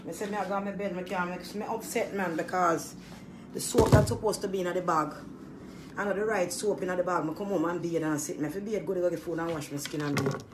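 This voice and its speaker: A woman's voice: on the low side, fairly even intonation, brisk, background noise. A woman, a small business owner venting in an angry, profane monologue. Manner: irritated, profane ranting.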